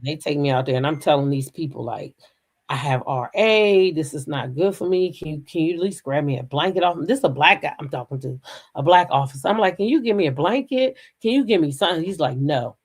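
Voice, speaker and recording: A middle-aged woman with a low speaking voice tells a personal story straight to her viewers. Her pitch leaps and dives as she drops to hushed asides, then bursts out loud, swearing freely. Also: fairly quick. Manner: animated, profane, swings from hushed to loud outbursts. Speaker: storyteller recounting a police raid.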